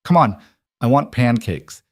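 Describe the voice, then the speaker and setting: A man's voice: medium pitch, expressive, unhurried, no echo, clean studio sound, voice pushed up. A man voicing a bouncy, bossy eight-year-old girl who talks eagerly and with total certainty. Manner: eager, matter-of-fact, insistent.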